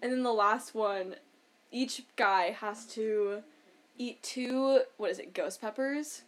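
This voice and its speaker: A woman co-hosting a podcast, chatting casually about a reality show, full of "like" and quick laughs. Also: fairly high pitch. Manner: chatty, lots of "like", laughs often. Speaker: podcast co-host.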